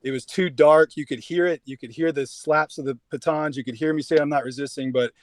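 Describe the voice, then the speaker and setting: Young louisiana guy telling a story on a podcast, kinda halting, voice a bit high, dry. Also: fairly even intonation, no room sound. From Shreveport, Louisiana, US. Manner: measured, halting storyteller with restarts. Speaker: podcast guest. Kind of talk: casual podcast chat.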